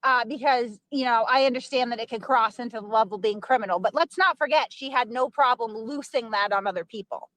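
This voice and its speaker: A woman with a notably high voice rants through a livestream, profane and animated as she tells her story. The sound is dry and close, with no room around it. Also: fairly quick, hardly any pauses, no room sound, low-quality recording. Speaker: livestream host. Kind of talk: heated commentary chat.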